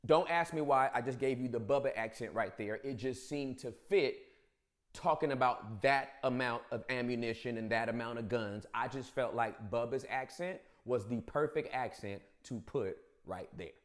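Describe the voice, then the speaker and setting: A man's voice: mid-range voice, moderate pace. A man hosting a comedic news monologue, emphatic and playful.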